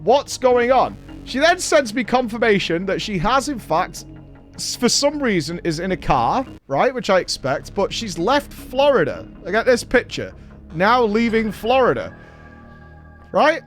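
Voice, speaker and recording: A man from Britain, hosting a show and telling a story in a casual recap, animated and swearing freely. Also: high voice, unhurried, faint music behind. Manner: animated, swears freely, acts out quoted dialogue. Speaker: show host.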